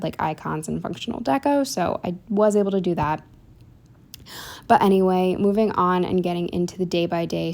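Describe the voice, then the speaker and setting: A woman's voice: on the low side, dark tone. A woman talking casually as a planner vlogger, walking through her weekly spread in a rambling, chatty way with lots of fillers and trailing-off sentences.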